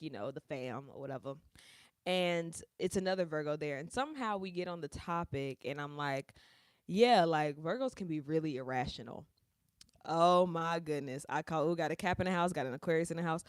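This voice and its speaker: A woman's voice: low voice, no room sound, studio quality. Slangy woman chatting on a livestream. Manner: chatty, slangy, laughs often. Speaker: livestream host. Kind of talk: casual livestream chat. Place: bedroom. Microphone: small close mic.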